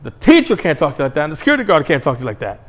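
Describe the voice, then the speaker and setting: A man's voice: on the high side, wildly swooping pitch, very fast, fairly bright tone. A man hosting his own commentary show, ranting in a blunt, heated, crude monologue. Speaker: commentary host.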